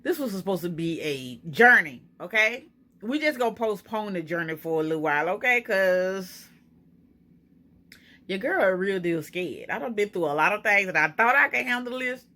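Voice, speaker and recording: A woman's voice: medium pitch, lively intonation, moderate pace, bright, forceful tone. A woman from Florida, chatting anxiously and emotionally to her viewers in a casual home vlog. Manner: anxious, emotional, talks to viewers as girl and y'all. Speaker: vlogger. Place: home kitchen.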